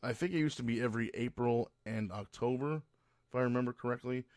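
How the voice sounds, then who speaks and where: A man's voice: medium pitch, fast, a little mellow, no room sound, clean studio sound. A man hosting a podcast, ranting in a rambling, profane monologue full of restarts. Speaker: podcast host. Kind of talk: casual monologue.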